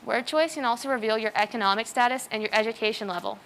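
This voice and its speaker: A woman's voice: a little high, fast, a bit bright, slight background noise. A teenage girl giving an earnest, example-filled student talk on a school stage. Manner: earnest, explanatory, uses many examples. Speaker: student speaker. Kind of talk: prepared presentation talk.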